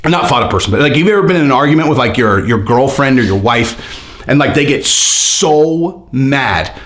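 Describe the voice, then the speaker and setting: A man's voice: mid-range voice, normal speed. A man hosting his own channel, reading out comments and mocking them in casual, rambling talk full of fillers. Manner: animated, sarcastic, rambling with many fillers. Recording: roomy echo.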